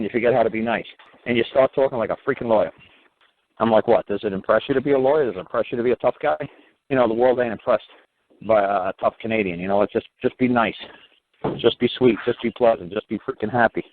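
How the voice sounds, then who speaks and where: A man's voice: medium pitch, dry recording. A man with a New York accent talking bluntly and profanely, acting out quoted exchanges as he gives advice on a call-in show. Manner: blunt, profane, animated storytelling with mocking quotes. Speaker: talk show guest giving advice. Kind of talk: casual phone-in talk. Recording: tinny phone line.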